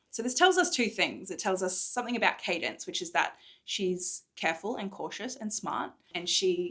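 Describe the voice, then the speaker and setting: In a hotel room, an Australian author enthusiastically recaps and reads from her own book in a chatty readalong. Her voice is medium-pitched and a bit bright, and she laughs as she talks.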